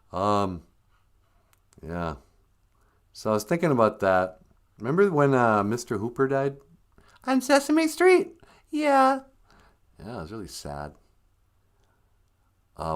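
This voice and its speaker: A man hosting a livestream, telling rambling, jokey stories in casual talk. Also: fairly low pitch. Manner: rambling, jokey, acts out voices. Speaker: livestream host. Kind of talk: casual comic storytelling.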